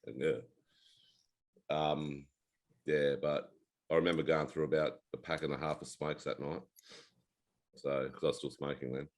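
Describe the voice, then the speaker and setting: An Australian man in his forties with a very low voice chats casually as a co-host. He rambles through stories in a laid-back way and swears freely. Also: flat delivery, measured pace, long pauses. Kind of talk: casual chat.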